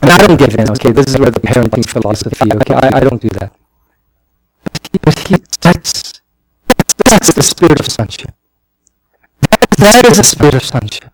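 A man preaching a sermon, emphatic and often repeating words, swinging between loud peaks and soft, halting passages. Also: mid-range voice, lively intonation, rough recording. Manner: emphatic, rising to near-shouts, then soft and halting; frequent word repetitions. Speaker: pastor.

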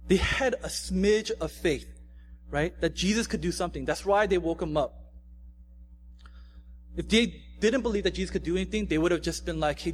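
Young male pastor, slightly high voice, casual conversational sermon, faint hum in the recording. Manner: casual, conversational, frequent "right?" tags.

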